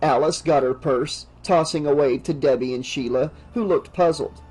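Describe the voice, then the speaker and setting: A man narrating an audiobook in a measured, steady reading voice. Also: on the high side, breathy edge, faint music behind, low-quality recording.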